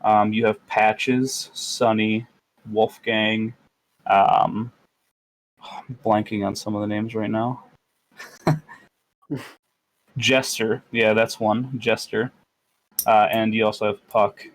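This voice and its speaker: A man's voice: on the low side, little pitch movement, slow, pauses often, rough recording. Rambling, jokey male game master. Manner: rambling, jokey, lots of fillers. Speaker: game master and podcast co-host. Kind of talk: casual podcast chat.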